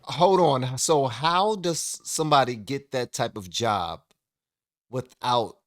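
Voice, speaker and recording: A man's voice: medium pitch, sing-song, takes it slowly, fairly bright tone, no room sound, clean studio sound. A man hosting a reaction video, chatting casually to viewers with laughter and asides.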